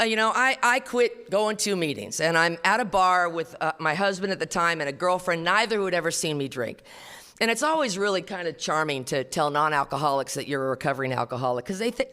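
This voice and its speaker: Casting: a woman telling her story to a meeting, blunt and salty, bright-voiced, in a reverberant hall. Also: medium pitch. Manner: blunt, profane, conversational storytelling. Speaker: recovery meeting speaker. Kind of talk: personal testimony talk. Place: meeting hall before an audience.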